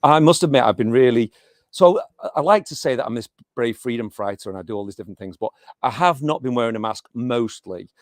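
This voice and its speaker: Talking fast and expressively in a mid-range voice, this middle-aged Englishman, a teacher, chats through an interview with lots of hesitation, restarts, and fillers. The sound is dry and clean, studio grade.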